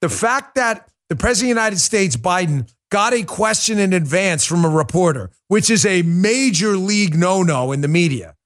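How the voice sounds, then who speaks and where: A man's voice: high-pitched, a bit bright. A middle-aged man from New York City hosting a political commentary show, ranting in an exasperated, mocking way. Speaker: podcast host.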